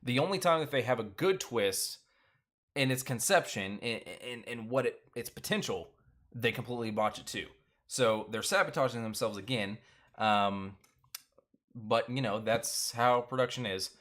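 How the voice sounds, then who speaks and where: A man's voice: mid-range voice, moderate pace, fairly bright tone. A man hosting a casual live-stream recap, rambling with lots of fillers and restarts and laughing often. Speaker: show recap host.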